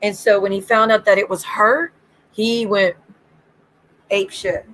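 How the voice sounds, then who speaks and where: A woman's voice: medium pitch, little pitch movement, a little slow, a bit bright, rough recording. Woman hosting a livestream, chatty storyteller who mimics others and laughs a lot. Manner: gossipy storytelling, acts out quoted lines, swears freely; giggly, breaks into laughter. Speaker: livestream host. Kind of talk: casual chat.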